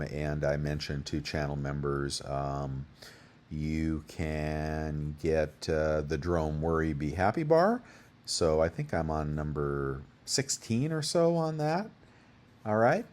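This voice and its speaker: A man's voice: very deep voice, a little mellow. A man hosting a coin deals channel, rambling casually and thinking aloud as he works through prices, with the hiccups. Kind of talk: casual deal rundown.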